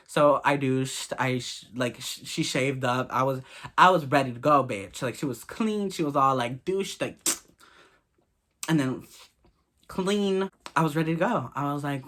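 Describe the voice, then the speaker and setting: A man in his late teens, a vlogger, tells a personal story time in a candid, gossipy, profane way. His voice is medium-pitched and fairly bright, at a moderate pace.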